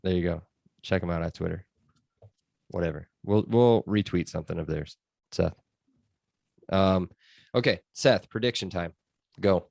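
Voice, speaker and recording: A man with a very low voice hosts a casual sports podcast. He talks in a chatty, loose way with plenty of fillers. The sound is dry and close. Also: a little slow, vocal fry, long pauses, darkish tone, dry recording. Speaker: podcast host.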